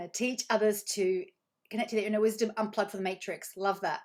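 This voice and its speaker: A woman's voice: medium pitch, steady tone, brisk. Effusive woman coaching a live online group. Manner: effusive, reads chat comments aloud with bursts of praise; repeats phrases for emphasis. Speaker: money coach.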